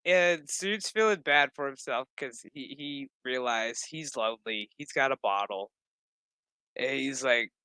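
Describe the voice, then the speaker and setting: Bright-voiced, foul-mouthed recap vlogger, dry close sound, sarcastic rambling delivery. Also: medium pitch, unhurried, clear, resonant tone, no room sound. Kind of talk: casual recap commentary.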